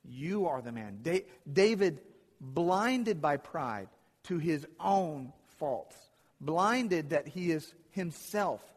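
A man's voice: medium pitch, slightly rough, in a large hall. A man preaching a sermon, retelling Bible stories and acting out the characters' lines.

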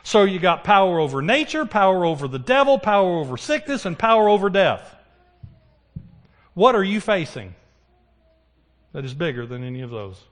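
A man's voice: high voice, moderate pace, pauses often. A man preaching a sermon. He keeps putting questions to the congregation and answering them himself. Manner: animated, asks the congregation questions.

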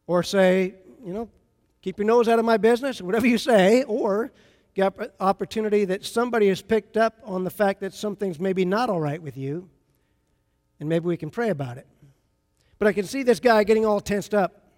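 A man's voice: high-pitched, normal speed, a little mellow. A man preaching a sermon as pastor, talking to the congregation in a conversational, storytelling way. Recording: long reverb of a large hall.

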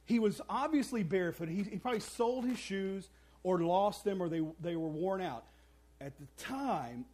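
A man's voice: high voice, lively intonation, normal speed, a little mellow. A man preaching a sermon, telling a story with playful asides and acting out the characters' voices. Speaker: pastor.

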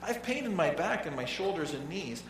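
A man's voice: a little high, sing-song, normal speed, fairly bright tone, slight background noise. A man voicing a timid little male turtle in pain in a storybook reading, heard from a distance in an echoey hall. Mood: pleading. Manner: pleading, meek.

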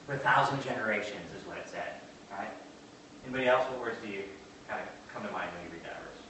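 Bright-voiced preacher guy, quiet asides then slow big lines, echoey hall from far off. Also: lowish voice, slight background noise. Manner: swings from quiet asides to slow emphatic declarations; asks the congregation questions and answers back. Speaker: pastor. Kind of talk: sermon.

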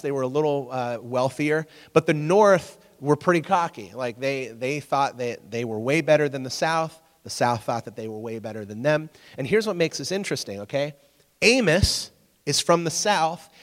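A man, preaching a casual, conversational sermon, asking his audience questions and joking with them. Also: mid-range voice. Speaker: pastor. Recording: long hall reverb.

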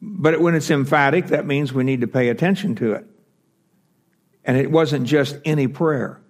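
A man's voice: medium pitch, moderate pace. A man teaching a Bible class, explaining step by step with fillers and self-corrections.

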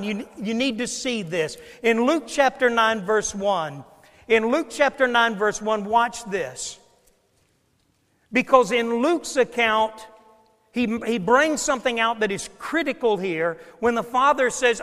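A pastor preaching a sermon in a high-pitched male voice. He tells stories in a hushed tone and rises to loud, shouted passages. The sound carries the long reverb of a large hall. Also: unhurried.

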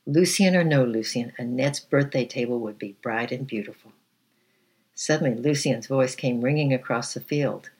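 A man reads a children's story aloud with a husky, breathy voice. His pitch sits in a middle range, and he keeps a gentle, even pace, now and then slipping and restarting a word.

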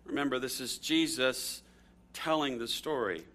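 A man preaching a sermon, telling stories and reading scripture with big swings of pitch and loudness. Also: expressive, a little slow. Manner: storytelling with dramatic swings in pitch and volume. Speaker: pastor.

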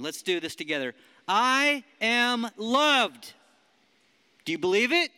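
High, bright-voiced preaching man. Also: smooth. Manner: lively, emphatic preaching. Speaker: pastor. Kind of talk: sermon. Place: church hall. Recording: long hall reverb.

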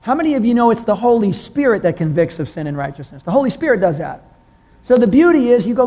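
Speaking at a quick pace, a man pastor gives a relaxed, conversational sermon to a congregation in a church room. He quizzes the listeners and his voice rises in pitch whenever excitement takes hold.

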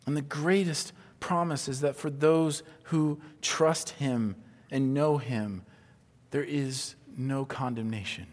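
A man's voice: medium pitch, takes it slowly. Man preaching in a reverberant hall. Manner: swings from hushed whispers to loud emphatic preaching. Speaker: pastor. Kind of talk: sermon.

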